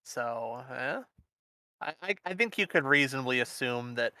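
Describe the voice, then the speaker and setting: A man's voice: medium pitch, expressive, normal speed, pushed and bright, clean tone, no echo, studio quality. A man player in a tabletop game, casually laying out plans.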